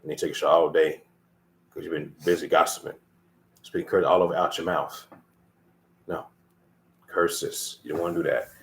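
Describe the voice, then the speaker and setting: A man's voice: very deep voice, level tone, normal speed, gravelly, pauses often, slight background noise. A man giving an informal sermon, scolding and emphatic, repeating himself and swearing freely as he lectures his listeners. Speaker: lay preacher. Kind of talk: casual preaching.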